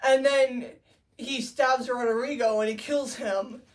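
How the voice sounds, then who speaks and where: A woman's voice: a little high, fairly even intonation, a little slow, distant mic. A woman casually recapping a play as co-host, chatty with wry asides.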